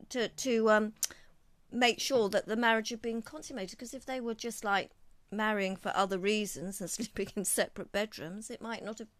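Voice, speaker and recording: A woman's voice: medium pitch, fairly even intonation, fairly bright tone. A woman chatting casually as a guest, chiming in with questions and comments. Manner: chatty, questioning, quick to chime in. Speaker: guest, host's sister. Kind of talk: casual chat.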